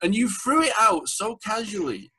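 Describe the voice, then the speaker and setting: A man with an English accent hosting a casual interview, animated and quick to laugh as he retells stories. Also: high-pitched, husky. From England. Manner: animated storyteller, laughs often, acts out quotes. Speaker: podcast host.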